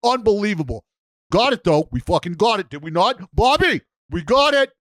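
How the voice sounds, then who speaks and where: A man's voice: sits high, very animated, normal speed, a bit bright, dry recording, clean studio sound, pitched above the performer's own voice. A man voicing a rowdy, boastful male baseball fan with a Boston accent, swearing and bragging. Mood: brash bragging.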